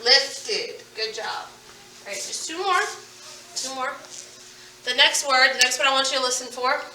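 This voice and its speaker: A woman's voice: high voice, moderate pace, sharp tone, a little hiss or hum. A woman teaching a phonics lesson, playfully stretching and stressing the sounds in each word. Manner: playful, over-enunciating target sounds. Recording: echoey room, distant from the mic.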